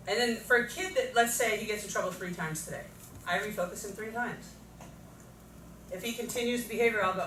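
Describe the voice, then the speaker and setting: A woman's voice: fairly high pitch, fast talker, sharp tone. A woman training teachers at a workshop, talking conversationally and acting out what students and teachers say. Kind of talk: workshop presentation. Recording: echoey room from far off, noisy.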